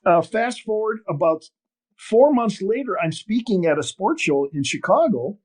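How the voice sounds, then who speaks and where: A man's voice: high-pitched, moderate pace. Rambling older male storyteller. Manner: rambling, animated storyteller with many restarts. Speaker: podcast guest, fishing TV host. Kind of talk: storytelling interview over a call.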